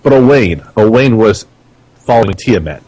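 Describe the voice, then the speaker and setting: A man's voice: lowish voice, expressive, moderate pace, a little mellow, breathy edge, low-quality recording. A young man playing a tabletop game, hesitant and stumbling over his words. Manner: hesitant, stammers a little. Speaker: player. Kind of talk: casual tabletop play.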